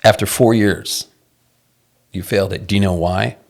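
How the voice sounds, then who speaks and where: Middle-aged male guest, gravelly voice, loose, storytelling delivery. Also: on the low side, normal speed. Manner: animated storyteller, frequent restarts, swears casually. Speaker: guest songwriter. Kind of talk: casual interview talk.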